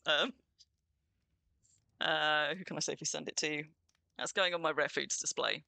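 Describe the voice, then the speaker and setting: Bright, chatty woman streamer. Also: low voice, steady tone, moderate pace, gravelly, pauses often, dry recording. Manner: chatty and bubbly, greets viewers. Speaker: streamer hosting a game stream. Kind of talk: casual livestream chat.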